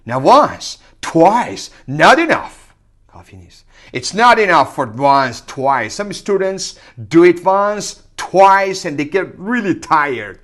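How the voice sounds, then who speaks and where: A man teaching English, who repeats phrases loudly and whispers quick translations. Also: high-pitched, expressive. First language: Persian. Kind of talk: energetic language lesson with repetition drills.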